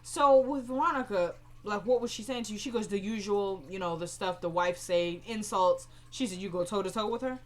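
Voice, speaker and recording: A woman's voice: mid-range voice, brisk, hardly any pauses. Chatty woman recapping a TV episode. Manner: animated, retells scenes in quoted voices, opinionated. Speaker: show recapper.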